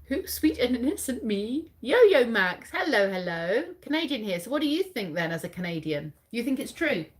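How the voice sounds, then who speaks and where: A woman in her forties from England runs a casual live quiz from a dim room at home. She reads out facts and chats with viewers by name, and her pitch rises and falls a lot as she talks. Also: sing-song, moderate pace, few pauses. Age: 40s. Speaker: livestream host.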